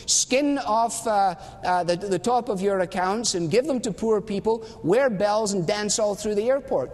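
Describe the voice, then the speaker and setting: A man preaching a sermon in a chatty, emphatic storyteller's manner, with dry wit. His voice is high for a man. A long reverb trails each phrase, as in a large hall. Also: a little mellow. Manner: conversational storytelling, wry, emphatic.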